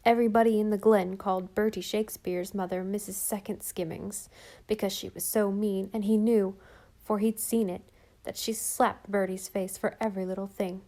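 Woman audiobook narrator, gentle and expressive, mellow warm tone. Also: medium pitch, normal speed. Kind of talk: scripted narration.

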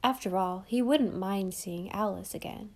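A woman narrates an audiobook in a gentle, expressive storytelling manner. Her voice is mellow and warm, and her pitch is of middle height. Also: normal speed. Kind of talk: scripted narration.

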